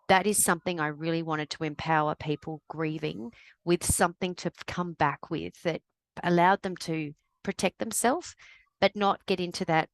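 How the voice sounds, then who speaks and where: A woman's voice: fairly low pitch, vocal fry, no echo. A woman guest on a podcast, a grief recovery specialist, talking candidly and reflectively. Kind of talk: podcast conversation.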